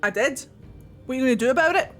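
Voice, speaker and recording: A woman's voice: high voice, lively intonation, very fast, fairly bright tone, faint music behind. A woman streaming a fantasy game live, chatting casually and laughing between scenes. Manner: chatty, laughing, gushing asides. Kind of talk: casual gameplay commentary.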